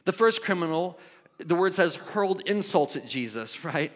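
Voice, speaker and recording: A man preaching a sermon in an animated way, shifting from loud bursts to quiet asides. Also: high voice, moderate pace. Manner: animated, acts out voices, swings from loud to soft. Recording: long hall reverb.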